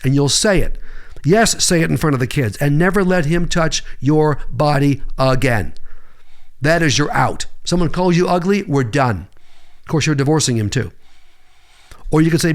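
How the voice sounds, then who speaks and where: A man with a somewhat high-pitched voice gives advice straight to his viewers. His delivery is blunt and emphatic, with punchy lines and sharp upward jumps for emphasis. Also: animated, normal speed, pauses often. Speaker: psychologist giving relationship advice. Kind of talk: direct advice monologue to viewers.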